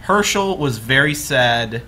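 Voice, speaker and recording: A man's voice: medium pitch, lively intonation, slow pace, a crowd in the background. A young man hosting a casual group chat, rambling with lots of fillers and restarts.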